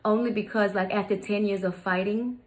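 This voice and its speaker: A woman's voice: mid-range voice, steady tone, fairly quick. A woman in her thirties telling a personal story in a chatty, casual way, often turning to her viewers. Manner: chatty, repeats "you guys" to viewers. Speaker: vlogger.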